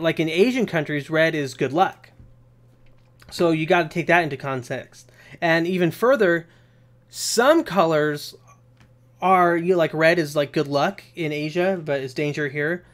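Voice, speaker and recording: Rambling, energetic young man. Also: a little high. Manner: energetic, rambling, swears casually. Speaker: live stream host. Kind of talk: casual live Q&A.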